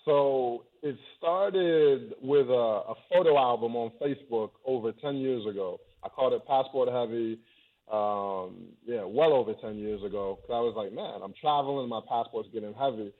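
A man born in England, a guest telling stories in a relaxed, soft-spoken way over a video call. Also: medium pitch, normal speed. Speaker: interview guest, travel YouTuber. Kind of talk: casual remote interview. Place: high-rise home in a city. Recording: tinny phone-like call audio.

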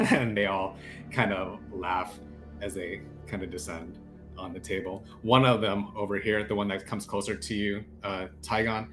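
Low-voiced man running a tabletop game. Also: a bit bright. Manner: loose, laughing narration with many fillers. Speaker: game master.

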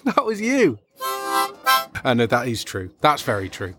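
A man's voice: medium pitch, wildly swooping pitch, unhurried, over music. A young man chatting on in a rambling, cheerfully oblivious way as a street entertainer in a comedy sketch.

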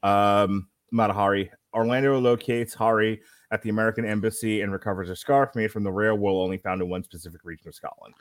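Podcast co-host, male, lowish voice, halting plot read-through, dry close sound. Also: steady tone, no echo. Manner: halting read with self-corrections. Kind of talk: reading a film plot summary.

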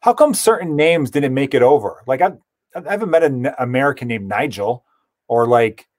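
A man's voice: medium pitch, expressive, normal speed, no echo. A man hosting a podcast in casual chat, easygoing and rambling with lots of fillers. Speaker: podcast host.

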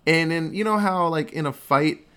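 A man in casual podcast chat, retelling movie scenes with swearing, laughs and quick voices for the characters. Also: on the high side, a bit bright, clear, resonant tone. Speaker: podcast co-host.

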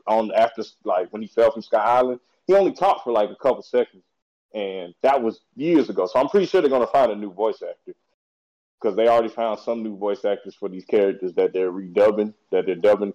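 A man co-hosting a podcast, chatting casually about anime in a slangy, excitable, rambling way. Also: medium pitch. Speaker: podcast co-host. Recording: dull lo-fi recording.

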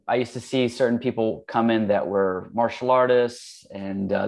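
A man in his forties, a guest in casual conversation, telling stories in a relaxed, rambling way full of fillers and restarts. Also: on the low side, gravelly. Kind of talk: casual storytelling.

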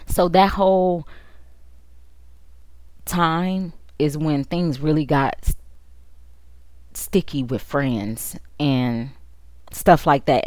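A woman who hosts a podcast candidly recounts a personal story, speaking emotionally and conversationally with quick asides. Her voice sits low and is a little mellow, with no echo.

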